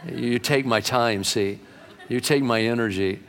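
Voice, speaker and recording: A man's voice: mid-range voice, unhurried, fairly bright tone, long reverb tail, some chatter behind. An older man preaching a sermon, telling folksy stories and building up to fervent preaching. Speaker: pastor.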